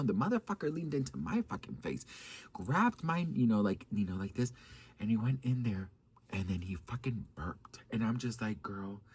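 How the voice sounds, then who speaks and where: A man telling dating stories to his viewers in a casual, sassy, dramatic way, swearing and changing his pitch often. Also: a bit bright, breathy edge, no room sound. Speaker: vlogger. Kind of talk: casual storytime chat.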